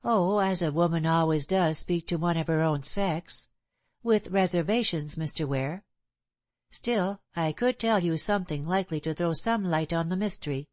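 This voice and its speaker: A woman's voice: lowish voice, moderate pace, a little mellow, no room sound, lightly acted. Olga, a woman reading as a scheming lover. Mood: guarded. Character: scheming lovesick young woman, bold and possessive.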